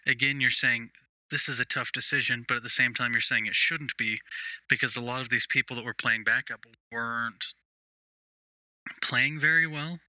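A man's voice: mid-range voice, steady tone, normal speed, pushed and bright, dry recording, rough recording. A man co-hosting a soccer podcast, explaining his views thoughtfully and at length in casual chat. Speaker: podcast co-host.

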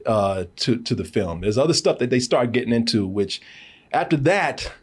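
A man hosting a casual movie review podcast, animated and laughing often, tripping over repeated words. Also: medium pitch, normal speed, slightly rough. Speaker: podcast host.

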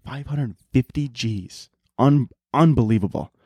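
A man's voice: medium pitch, unhurried, a little mellow, husky, no room sound. A man hosting a solo podcast from home, riffing in loose, profane, rambling comic rants. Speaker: podcast host. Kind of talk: casual solo podcast monologue.

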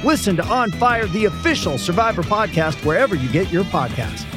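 A man reads an upbeat promo in a lively voice that moves up and down. Clear guitar music plays behind him. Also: high-pitched, brisk. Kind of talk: podcast promo read.

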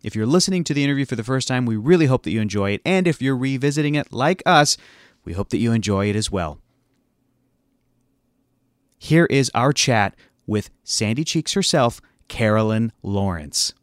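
A man's voice: medium pitch, animated, normal speed, dry recording, clean studio sound. A man hosting a podcast, introducing a guest in an upbeat, conversational way. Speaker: podcast host.

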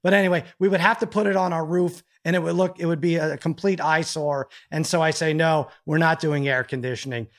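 A man's voice: on the high side, fairly even intonation, brisk, few pauses, fairly bright tone. A middle-aged man co-hosting a casual chat, telling a rambling, self-mocking story. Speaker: podcast co-host.

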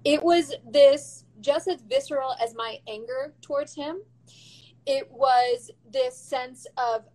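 A woman guest speaking frankly and emphatically in an interview, in quick bursts with some swearing. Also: high voice, mellow, rough recording. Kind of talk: candid interview talk.

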